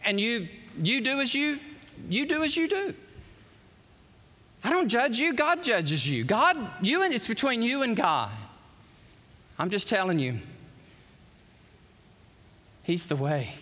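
Preacher, male, bright high voice, fervent, repeats himself, big reverberant hall. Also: big pitch swings, measured pace, long pauses. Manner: impassioned, repeats words when worked up. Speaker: pastor. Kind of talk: live sermon to a congregation. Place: church hall with congregation. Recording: long reverb of a large hall.

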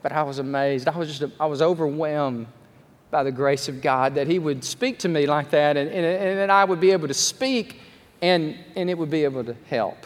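A man preaching a sermon as pastor, telling stories with animated energy and self-deprecating asides. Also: on the high side, moderate pace. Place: large church sanctuary. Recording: long reverb of a large hall.

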